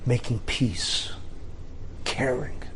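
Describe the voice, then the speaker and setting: A middle-aged rabbi tells an inspirational story at a slow pace. He speaks in short, dramatic phrases broken by pauses, over a faint background hiss. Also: mid-range voice, fairly bright tone.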